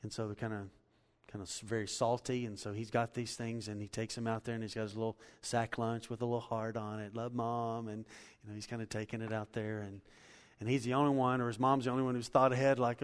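A man preaching a sermon, telling a story in a lively way and building to loud, emphatic points. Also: medium pitch, brisk, clear, resonant tone, long reverb tail. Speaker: pastor.

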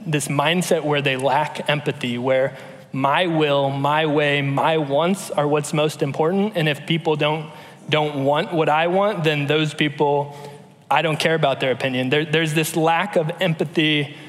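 A man in his thirties giving a conversational sermon, telling stories in a relaxed way with frequent fillers and restarts. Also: fairly high pitch, measured pace. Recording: long hall reverb.

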